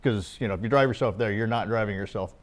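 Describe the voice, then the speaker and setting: A man's voice: fairly low pitch, fast. A man telling casual, rambling golf anecdotes with many fillers and laughs. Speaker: golfer and guest. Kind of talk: casual storytelling chat.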